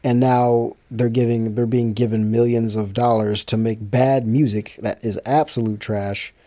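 A man's voice: medium pitch, little pitch movement, a little slow, dark tone, dry recording. A man chatting casually to his viewers, rambling with frequent restarts and fillers.

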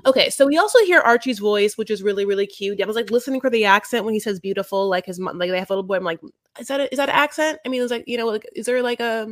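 A woman's voice: medium pitch, rapid-fire, hardly any pauses, dry recording. Woman podcast host just chatting, lots of um and like, dry close sound. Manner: rambling, filler-heavy recap with frequent restarts. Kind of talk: casual chat.

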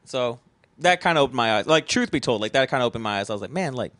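Young guy on a podcast, rambling storyteller, mid-pitched, dry close sound. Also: expressive, fast talker, fairly bright tone, no room sound. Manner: rambling storytelling, swears casually, acts out his own past lines. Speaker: podcast guest, festival founder. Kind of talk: casual chat.

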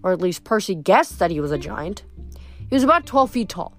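A woman's voice: lowish voice, brisk, soft background music. Woman reading a novel aloud. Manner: lively storytelling with small slips. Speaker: audiobook narrator.

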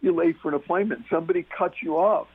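A man's voice: fairly high pitch, fast. A man talking as a guest on a talk radio show, emphatic and repeating key words for stress. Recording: muffled phone-line radio sound.

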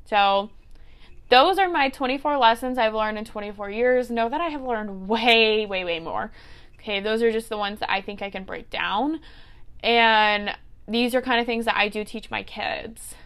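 A woman's voice: fairly high pitch, moderate pace, fairly bright tone, clear, resonant tone. A woman in her twenties hosting a solo podcast, giving earnest life advice in a casual way. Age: 20s. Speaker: podcast host and teacher.

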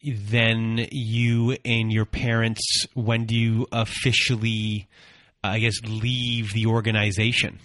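A man hosting a podcast, asking a guest a measured question. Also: on the low side, flat delivery, fairly bright tone, no echo, clean studio sound. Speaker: podcast host. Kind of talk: interview question.

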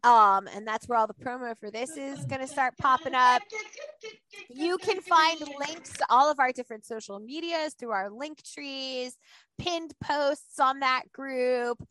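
A woman hosting a podcast in casual chat, talking in a rambling, animated way full of fillers. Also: high-pitched, unhurried, no room sound, rough recording. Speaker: podcast host.

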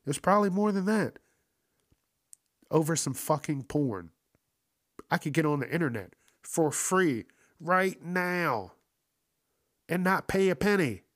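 A man's voice: on the high side, lively intonation, measured pace, long pauses, no echo, clean studio sound. A man giving casual, profane commentary on an odd news story, incredulous and laughing often.

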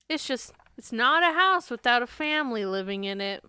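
A woman with a bright, crisp and fairly high voice co-hosts a podcast recap. She talks chattily, swears freely and slips into little voices to act out what people said. The sound is dry and close. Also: lively intonation, moderate pace, hardly any pauses, no room sound. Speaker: podcast co-host. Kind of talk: casual chat recapping a reality show.

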